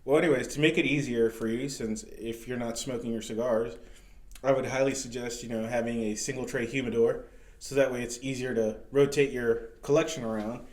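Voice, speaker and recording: A man's voice: mid-range voice, steady tone, a little fast, darkish tone. A man co-hosting a podcast, telling stories in loose, profane, laughing chat. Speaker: podcast co-host. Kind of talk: casual chat. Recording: echoey room with faint noise.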